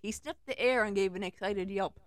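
A young woman casually reading fanfiction aloud, tossing in sarcastic remarks and giggles between passages. Her voice is of middling pitch, and the recording is dry and close, with no room sound. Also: moderate pace, no echo. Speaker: fanfiction reader.

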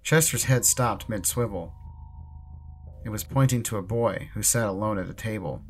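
A man narrating a horror story in a measured, ominous way. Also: on the low side, faint music behind.

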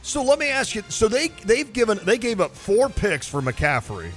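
A man's voice: sits high, moderate pace, soft background music. A man hosting a sports radio show, talking animatedly and whining playfully in casual sports talk. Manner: animated, self-mocking whining.

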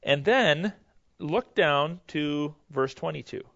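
A man's voice: a little high, slow, creaky, a bit bright. A man teaching a Bible history lesson in a conversational, explanatory way, often restarting his sentences. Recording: dull lo-fi recording.

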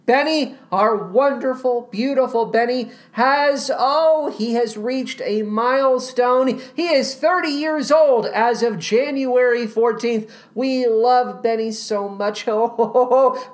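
A woman hosting a podcast in a playful, animated way, with a slightly scratchy voice. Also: a little high. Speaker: podcast host. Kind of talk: casual podcast chat.

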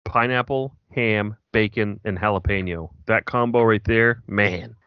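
A man's voice: fairly low pitch, unhurried, smooth, no room sound. A man co-hosting a podcast, casual and teasing in a laid-back way. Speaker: podcast co-host. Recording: dry, dull lo-fi audio.

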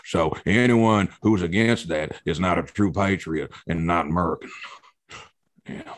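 A man puts on a bigoted rural rioter who rants in a deep, subdued voice. The recording is close and dry, with no room sound. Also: a little slow, no room sound. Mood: ranting.

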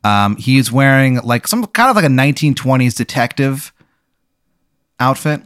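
A man's voice: medium pitch, moderate pace, smooth, dry recording. Young guy deadpanning a weird hypothetical, dry close mic. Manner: deadpan, building absurd scenarios. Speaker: comedy podcast host. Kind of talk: improvised comic storytelling.

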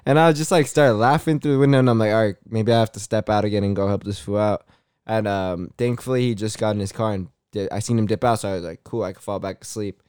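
A low-pitched man with a smooth, resonant voice, recorded dry and close. He tells a story in relaxed, slang-heavy casual chat, swearing freely as he goes. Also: fast talker, dry recording. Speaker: podcast co-host.

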